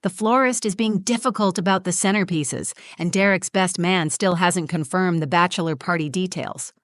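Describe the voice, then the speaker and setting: A woman's voice: fairly low pitch, moderate pace, no room sound, clean studio sound, natural voice. A woman narrator voicing a smug, condescending young bride-to-be who lectures in a preachy, patronizing tone.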